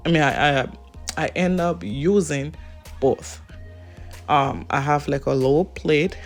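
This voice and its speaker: A woman's voice: low voice, a little slow, soft background music. A woman from Africa with an African accent, chatting casually to her viewers in a vlog and laughing often. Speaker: vlogger.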